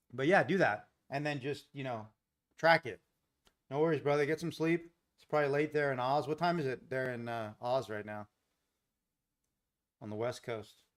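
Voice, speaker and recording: Relaxed American man chatting on a livestream. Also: medium pitch. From United States. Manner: relaxed, rambling, many fillers, chats with viewers. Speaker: livestream trading host. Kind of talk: casual live-stream chat.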